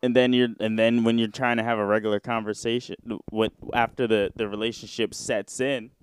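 A man's voice: medium pitch, little pitch movement, a little fast, clean tone. A young man hosting a podcast solo, chatting casually in a rambling, slangy, profane way. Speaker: podcast host.

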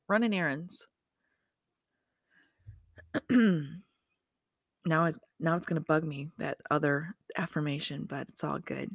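A woman's voice: fairly low pitch, fairly bright tone, no echo, clean studio sound. A woman hosting a motivational podcast, chatty and upbeat, often correcting herself and making asides to herself. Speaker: podcast host.

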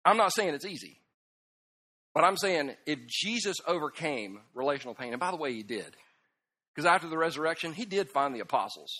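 This is a man, preaching with self-deprecating humor. His voice sits high and rings very bright. He tells his stories with big swings between quiet and loud. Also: brisk. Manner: animated storytelling, swings from hushed to loud laughing outbursts. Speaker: pastor.

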